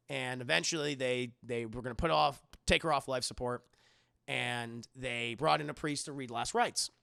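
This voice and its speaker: A man recapping a TV episode on a live stream in a casual, animated, profane way, often addressing his chat. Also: mid-range voice, gravelly, no echo, clean studio sound. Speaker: streamer and TV reviewer.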